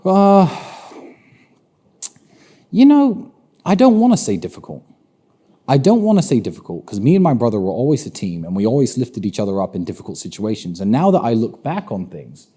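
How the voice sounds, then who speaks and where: A man with a British accent speaks in a very dark, mellow voice that sits on the low side. He answers interview questions assertively and states firm opinions. He often repeats a phrase to press a point. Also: slightly rough. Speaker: interview guest.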